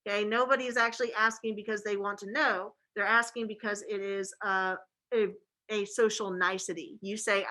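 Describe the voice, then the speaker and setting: A woman's voice: medium pitch, fairly even intonation, moderate pace, bright, forceful tone, low-quality recording. A woman teacher giving a casual classroom lecture, chatty and full of fillers like "okay" and "like".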